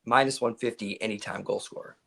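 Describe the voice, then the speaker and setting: A man's voice: on the low side, fairly even intonation, brisk, gravelly, pushed and bright. A man on a live sports betting show, explaining his soccer picks with enthusiasm.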